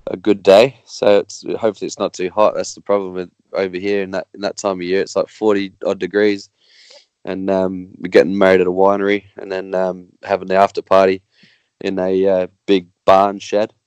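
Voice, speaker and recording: An Australian man, a guest racer, chatting casually on a podcast in a halting, rambling way with many restarts. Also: low-pitched, completely flat delivery, darkish tone, clean tone, no room sound.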